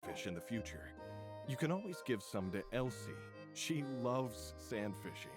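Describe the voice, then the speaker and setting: An actor playing a friendly, grateful young townsman in a video game, speaking in an easygoing, warm manner. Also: fairly low pitch, big pitch swings, moderate pace. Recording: game audio over clear background music.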